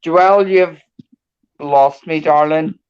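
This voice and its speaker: She co-hosts a relaxed livestream chat, laughing plenty and groaning and sighing in between. Her voice is low-pitched and clean, and she takes it slowly, though the video call stream audio is dull and lo-fi.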